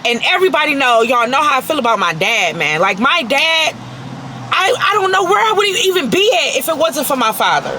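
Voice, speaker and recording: A woman's voice: high voice, very animated, fairly quick, sharp tone, a little hiss or hum, rough recording. A woman vlogger ranting angrily to camera, profane and emphatic, repeating herself for force. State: very angry. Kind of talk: angry personal rant to camera.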